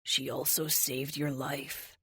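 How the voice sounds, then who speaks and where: A woman voicing a gentle, reassuring young man in an audiobook. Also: medium pitch, big pitch swings, moderate pace, no echo, clean studio sound. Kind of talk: audiobook character voice.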